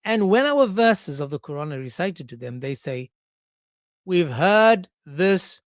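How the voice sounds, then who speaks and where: Sarcastic, animated male streamer. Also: a little high, moderate pace, no echo, clean studio sound. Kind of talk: casual livestream commentary.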